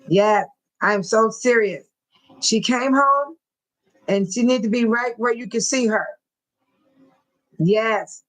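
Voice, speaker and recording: An older woman hosting a casual livestream from home, talking straight to her viewers in chat, emotional and quick to bless and pray. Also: fairly high pitch, fairly bright tone, rough recording. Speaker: livestream host.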